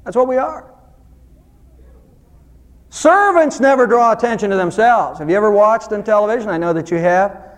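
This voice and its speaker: A man preaching a sermon as pastor, earnest, rising to loud emphasis and dropping to soft low asides. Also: long reverb tail.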